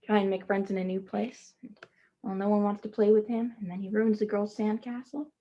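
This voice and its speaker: A woman teacher reading a children's picture book aloud, stopping to gently ask her young listeners questions. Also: medium pitch, level tone, fairly quick, highs cut off. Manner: speaks to children as "friends".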